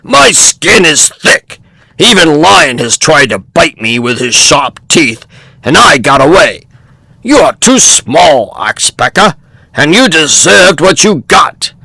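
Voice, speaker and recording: Storybook buffalo: man voices a big, stubborn, gravelly beast, sharp bright tone. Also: fairly high pitch, big pitch swings, takes it slowly, dry recording, heavily acted. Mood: defiant.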